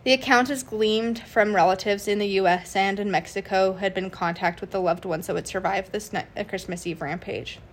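A woman narrates a true crime case for her podcast at an ordinary middle pitch. She reads loosely from notes, stumbling and restarting with frequent fillers. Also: steady tone, fairly quick, few pauses. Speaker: podcast host.

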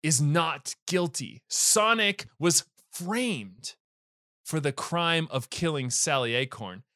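A man's voice: on the high side, lively intonation, slow pace, sharp tone, dry recording, studio quality, full character voice. A solemn male dragon, as a man puts him on.

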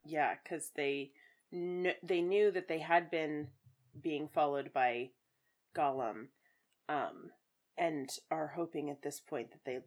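Woman cohosting a book podcast, lowish voice, rambly and laughing a lot. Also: slow. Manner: chatty, laughs often, reads quotes aloud. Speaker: podcast co-host. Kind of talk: casual book discussion.

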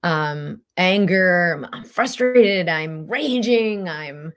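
A woman's voice: lowish voice, expressive, slow, fairly bright tone. A middle-aged woman, a spiritual coach, talking casually and animatedly, full of fillers and acted-out quotes. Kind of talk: casual motivational talk.

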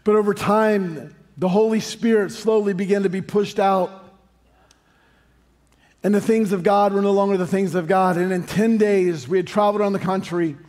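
High-voiced American pastor preaching in a hall. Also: male voice, fairly even intonation, moderate pace, darkish tone. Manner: storytelling, joking asides, rising to sung emphasis. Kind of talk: sermon. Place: large church hall. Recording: long hall reverb, faint music.

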